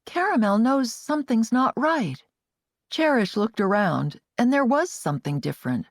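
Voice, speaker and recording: Expressive female audiobook narrator, dry sound. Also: a little high, moderate pace, no echo. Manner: expressive, varied intonation.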